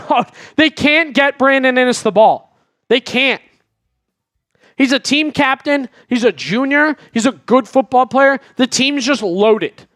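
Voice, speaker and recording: A man's voice: very high-pitched, a bit bright, no echo, studio quality. A man hosting a live sports stream in casual chat, reading viewer messages and chatting about the team. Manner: chatty, reads viewer super chats aloud. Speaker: sports show host.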